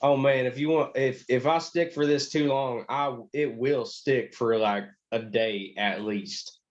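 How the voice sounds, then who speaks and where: A man's voice: mid-range voice, fairly even intonation, measured pace, muffled recording. A man co-hosting a casual podcast, wry and laid-back in his banter. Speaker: podcast co-host. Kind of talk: casual chat.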